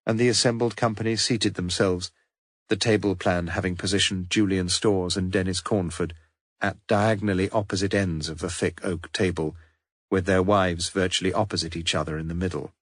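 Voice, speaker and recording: Male audiobook narrator, lowish voice, dry close sound, measured storytelling. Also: fairly even intonation, dry recording. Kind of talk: scripted narration.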